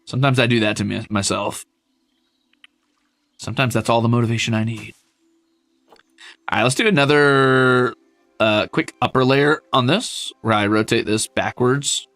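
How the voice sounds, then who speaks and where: A man streaming a zoo-building game, chatting casually with his viewers, animated and self-mocking, swearing freely. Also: mid-range voice, normal speed, long pauses, dry recording.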